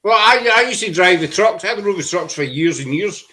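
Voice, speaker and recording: A man's voice: high voice, animated, brisk, bright, forceful tone, a little hiss or hum, low-quality recording. A middle-aged man with a Glaswegian Scottish accent, hosting a casual chat and telling rambling stories full of restarts and local slang. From Scotland. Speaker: podcast host.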